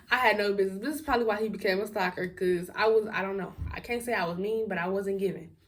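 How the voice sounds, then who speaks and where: A woman's voice: medium pitch, fairly quick, distant mic, a little hiss or hum. A young woman telling a storytime to her viewers in a casual, blunt, outspoken way, laughing and swearing as she goes. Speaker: storytime vlogger.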